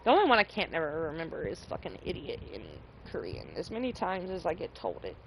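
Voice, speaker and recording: A woman's voice: lowish voice, wildly swooping pitch, quick pace, vocal fry, a little hiss or hum, rough recording. A woman streamer chatting casually and profanely with her viewers, teasing and laughing. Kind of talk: casual live-stream chat.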